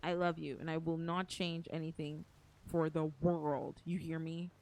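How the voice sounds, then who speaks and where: Streaming a video game live over background game music, a woman talks emotionally and keeps repeating pleading phrases. Her voice sits low with a darkish, level tone and a slightly slow delivery.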